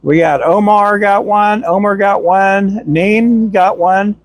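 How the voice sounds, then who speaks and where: Chatty man with a higher voice. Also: slow pace, dry recording. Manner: chatty, self-described chatterbox; cheerful shout-outs and jokes. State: tired voice from talking a lot. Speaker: livestream host. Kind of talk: casual live-stream chat. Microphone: Donner microphone.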